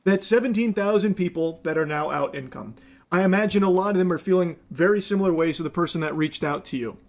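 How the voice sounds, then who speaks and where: A man's voice: high voice, fast talker. A man giving a reaction commentary, scolding and sarcastic in an exasperated way.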